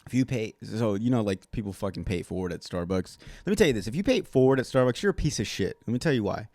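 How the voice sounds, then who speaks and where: A man's voice: fairly low pitch, expressive, quick pace, a little mellow, dry recording. A man hosting a solo podcast, ranting in a sarcastic, rambling way and swearing constantly. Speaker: podcast host.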